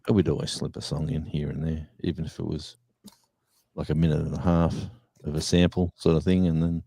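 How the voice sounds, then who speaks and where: Deep gravelly man reminiscing. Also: level tone, a little fast, warm tone, no echo. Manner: rambling storyteller, acts out voices in anecdotes, chuckles. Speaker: former radio presenter, show host. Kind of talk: casual live-stream chat.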